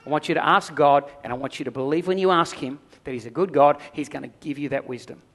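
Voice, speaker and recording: Middle-aged male pastor, slightly high voice, emphatic sermon delivery with repetition. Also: fast talker, a bit bright. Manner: emphatic preaching with repeated phrases and prayerful asides.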